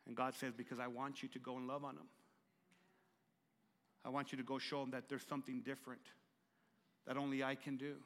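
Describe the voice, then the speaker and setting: A man's voice: medium pitch, flat delivery, a little fast, pauses often. Stuttering man pastor preaching in a reverberant hall. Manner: stutters, repeats words, swings from hushed to loud. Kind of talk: sermon.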